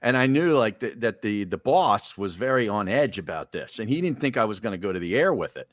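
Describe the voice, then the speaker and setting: A man with a fairly low voice co-hosts a casual sports talk show. He tells his stories in a relaxed, conversational way. The sound is dry and close, with no room echo. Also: fairly quick. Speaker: co-host.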